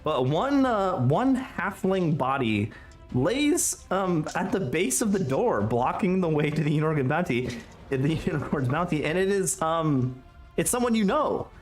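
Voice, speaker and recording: A man's voice: fairly high pitch, big pitch swings, a little slow. A man runs a tabletop game as game master, narrating the scene in a loose, rambling way full of fillers and restarts. Faint music plays under his voice.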